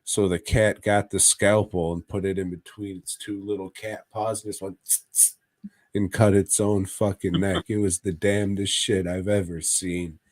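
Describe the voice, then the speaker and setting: A man's voice: low-pitched, level tone, moderate pace, few pauses, no echo. A man co-hosting a podcast, telling a rambling, profane story in a casual chat. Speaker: podcast co-host.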